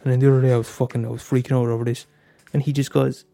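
A man's voice: mid-range voice, level tone, fast, creaky, few pauses, warm tone, dry recording. A young Irish man hosting a casual solo podcast, talking candidly with frequent swearing and stammered restarts. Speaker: podcast host.

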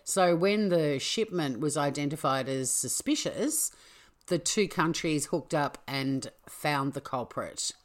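A woman's voice: low-pitched, animated, slow pace. A woman hosting a true-crime podcast, chatty and playful, correcting herself as she goes. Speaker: podcast host.

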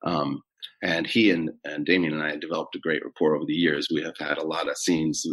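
A middle-aged man, an actor, chatting in an interview in a relaxed, rambling way with many fillers. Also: rumbling low, brisk. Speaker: actor guest. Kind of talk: casual interview chat.

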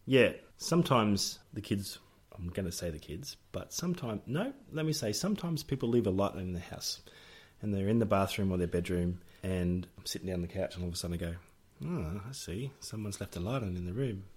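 A man's voice: low voice, lively intonation, a little fast, slightly rough. A middle-aged Australian man co-hosting a podcast, telling family stories in a jokey way and laughing often. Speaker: podcast co-host. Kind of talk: casual storytelling chat.

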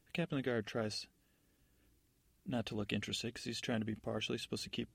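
A man improvising a rambling, low-key bedtime story as a podcast storyteller. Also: steady tone, quick pace, vocal fry, fairly bright tone, husky, no echo.

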